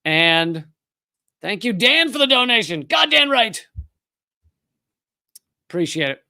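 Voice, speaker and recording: High, smooth-voiced man hosting a livestream. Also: animated, normal speed, sharp tone, no room sound, studio quality. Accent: Southern American, Virginia. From Richmond, Virginia. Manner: loose, conversational, full of fillers and restarts, with blunt profanity. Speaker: show host. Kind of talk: casual livestream commentary.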